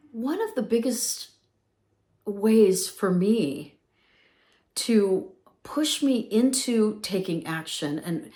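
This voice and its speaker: A woman's voice: a little high, a little mellow. A woman in her fifties hosting a motivational podcast, talking in an upbeat, emphatic way and repeating phrases for effect. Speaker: podcast host.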